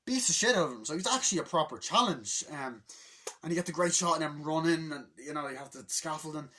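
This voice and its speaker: A young man rambling excitedly through a movie recap, swearing freely and acting out the lines. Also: fairly high pitch, fast, a little hiss or hum. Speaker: movie reviewer. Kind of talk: rambling casual movie review.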